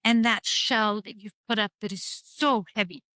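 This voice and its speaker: A woman's voice: medium pitch, steady tone, normal speed, pushed and bright, no echo. Frank middle-aged woman, dry close sound. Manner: frank, wry, rambling storytelling with quoted dialogue. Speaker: podcast guest. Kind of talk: candid conversation about grief.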